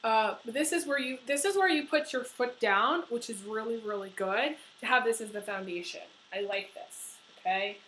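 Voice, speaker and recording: A woman's voice: on the high side, moderate pace, hardly any pauses, fairly bright tone, slight background noise, low-quality recording. A woman giving a tarot horoscope reading, talking earnestly and emotionally with many fillers and restarts. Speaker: tarot reader.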